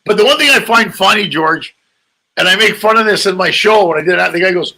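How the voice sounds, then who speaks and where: Raspy, bright-voiced comic man. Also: sits high, a little fast, low-quality recording. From Greek heritage. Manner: animated, joking storyteller with raspy, gravelly voice. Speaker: comedian guest. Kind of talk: casual interview chat. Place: lives in England.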